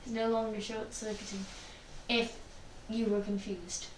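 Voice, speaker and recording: A woman's voice: medium pitch, little pitch movement, measured pace. A woman casually narrating a fan story role-play, chatty and rambling. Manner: rambling, chatty, laughs often. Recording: echoey room, distant mic, faint noise.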